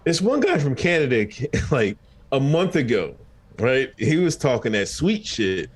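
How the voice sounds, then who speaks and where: A man co-hosting a podcast in casual chat, animated and laughing often. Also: mid-range voice, measured pace, husky. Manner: animated, laughing, quotes people in put-on voices. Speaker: podcast co-host.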